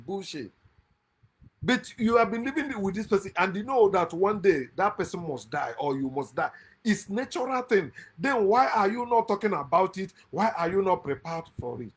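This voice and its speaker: Man hosting his own channel, emphatic lecturing monologue, raised pitch, bursts of laughter. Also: lively intonation, normal speed, breathy edge. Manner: emphatic, lecturing, swings from loud outbursts to quiet asides; laughs often mid-speech. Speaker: channel host. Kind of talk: impassioned monologue against religion. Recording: lives in America.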